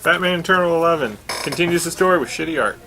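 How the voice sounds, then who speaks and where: Blunt, sarcastic man with a bright voice. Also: on the high side, fast, a little hiss or hum, rough recording. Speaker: comic book reviewer. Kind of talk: casual podcast chat.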